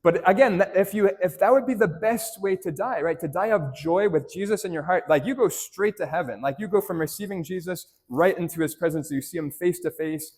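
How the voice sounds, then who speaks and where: Guy priest giving a homily, casual storytelling, talks to the kids, voice on the higher side. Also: fairly quick, hardly any pauses, a little mellow, slightly rough. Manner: conversational storytelling, frequent "right?" tag questions; addresses children directly with simple questions. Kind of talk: homily to a parish congregation.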